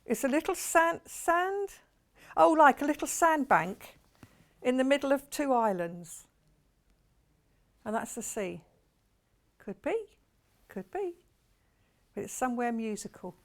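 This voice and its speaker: Chatty, gravelly woman selling fabric. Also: sits high, lively intonation, unhurried, pauses often. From United Kingdom. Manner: chatty and enthusiastic, lots of gushing praise. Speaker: shopping channel presenter. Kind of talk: live TV sales presentation.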